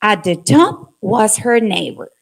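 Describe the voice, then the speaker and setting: A woman with a Mexican accent reading a children's story aloud to a class, with expressive intonation. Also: mid-range voice, slow pace, vocal fry.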